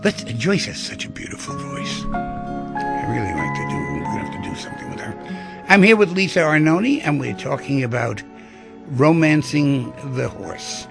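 Gravelly husky guy hosting a talk radio show, swoopy pitch, rambling and musing. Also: sing-song, normal speed, over loud music. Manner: musing, rhythmic, drops to near-whispers. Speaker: radio host. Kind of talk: casual talk radio chat.

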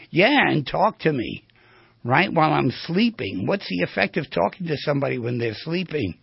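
A male therapist giving a storytelling lecture on the voice, animated and asking his audience questions. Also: fairly high pitch, moderate pace, no echo, muffled recording. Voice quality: very raspy, gravelly.

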